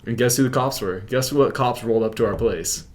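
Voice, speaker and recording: A man's voice: medium pitch, fairly quick. A young man telling a story as an interview guest, rambling, with filler "like" in nearly every sentence. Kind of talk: casual storytelling.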